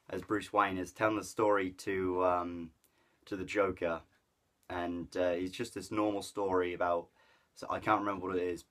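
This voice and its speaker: Offhand and rambling, a deep-voiced man gives a casual film review full of fillers, restarts and stumbles. His enthusiasm shows for the bits he liked, and he laughs while recounting the jokes.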